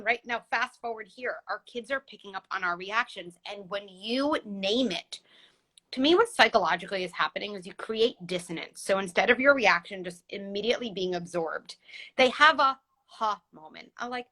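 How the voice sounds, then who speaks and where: Woman, host, bright clear tone, animated explaining, video call. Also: mid-range voice, moderate pace. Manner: animated, explains with vivid examples. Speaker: host, parenting psychologist. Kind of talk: casual conversational interview. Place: home, recorded livestream.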